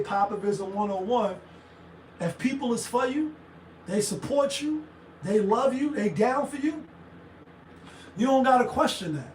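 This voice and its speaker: A man with a strikingly high voice rants through casual commentary, acting out the voices he quotes. His voice sits a little far from the mic in an echoey room, with faint background noise. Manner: animated, acts out quoted voices, profane. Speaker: commentary show host.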